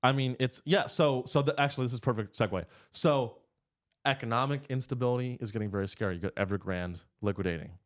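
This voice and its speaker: A man hosting a studio podcast, telling provocative jokes in a deadpan, casual way. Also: mid-range voice, quick pace. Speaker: comedian podcast host. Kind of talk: casual comedic chat.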